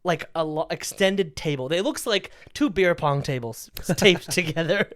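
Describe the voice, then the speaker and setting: A young man co-hosting a podcast, telling a stand-up story in a casual, animated way, often laughing and acting out what people said. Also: a little high, measured pace. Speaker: podcast co-host, stand-up comedian.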